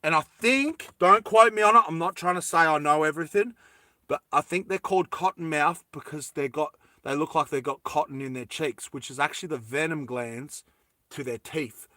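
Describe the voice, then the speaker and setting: A man's voice: fairly high pitch, normal speed, bright, forceful tone, no echo, clean studio sound. A man chatting casually through a lighter repair, rambling into jokey tangents and correcting himself as he goes. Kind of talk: casual how-to chat.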